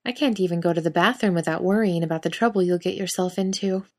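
A woman's voice: on the low side, quick pace. A woman voicing a playful, teasing young man in a storybook reading.

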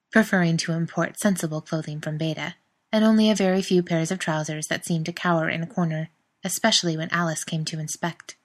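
A woman reading a story aloud in a calm, even manner. Her voice sits a little on the low side and stays steady through the narration. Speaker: reader.

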